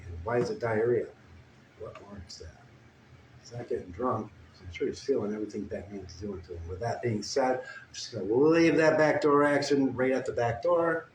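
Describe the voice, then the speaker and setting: A man telling a crude, meandering comic story with deadpan asides. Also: on the low side. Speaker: comedic storyteller. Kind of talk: rambling improvised comic story. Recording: echoey room with faint ambient noise. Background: guitar playing.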